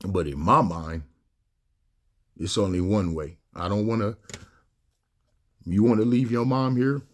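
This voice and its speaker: Talking to camera in an unhurried, fairly low voice, a middle-aged host delivers a raw monologue full of slang and rhetorical questions. As he goes on, he becomes emotional and nearly tearful.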